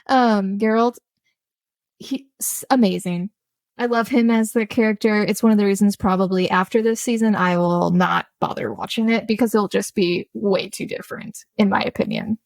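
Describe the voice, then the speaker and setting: A woman's voice: mid-range voice, normal speed, vocal fry, darkish tone, dry recording. A woman co-hosting a podcast in casual chat, talkative and laughing often, drifting into tangents. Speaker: podcast co-host.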